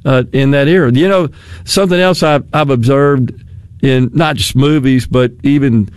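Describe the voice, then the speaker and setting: A man's voice: medium pitch, normal speed, clean tone, no room sound. An older man with a Southern American accent, chatting casually, rambling and chuckling as he loses his thread. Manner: rambling, chuckles often, trails off mid-thought. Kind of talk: casual chat.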